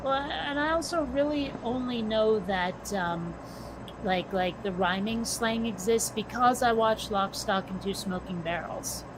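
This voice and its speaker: A woman with a fairly high voice chats in a joking, self-deprecating way. Clear background noise sits under her mic the whole time. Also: a little slow. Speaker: chat participant. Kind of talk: casual online group chat.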